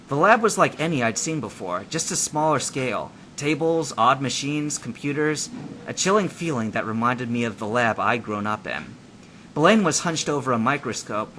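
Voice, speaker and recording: Lively male fanfiction narrator. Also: medium pitch, a little hiss or hum. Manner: lively, expressive reading. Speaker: audiobook reader. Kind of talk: first-person fanfiction narration.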